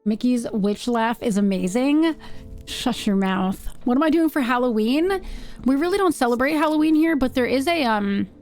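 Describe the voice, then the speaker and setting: A woman's voice: fairly high pitch, lively intonation, moderate pace, darkish tone, soft background music. A woman streaming a game live, chatting playfully with viewers and reading game text aloud.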